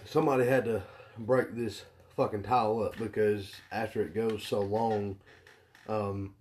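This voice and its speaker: A man's voice: on the low side, fairly even intonation, measured pace, a little mellow, slight background noise. A young man telling a rambling, profanity-heavy story about his factory job in casual chat, acting out the people he quotes. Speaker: podcast co-host.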